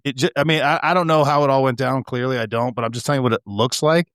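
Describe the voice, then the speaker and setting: A man co-hosting a podcast, telling stories in an animated, swearing, laughing casual chat. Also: medium pitch, fast talker, hardly any pauses, no echo, studio quality. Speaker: podcast co-host.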